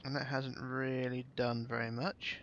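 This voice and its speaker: A man's voice: mid-range voice, level tone, unhurried, fairly bright tone, dull audio, slight background noise. A man giving casual, chatty commentary while playing a game, swearing now and then and thinking aloud. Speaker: gameplay commentator.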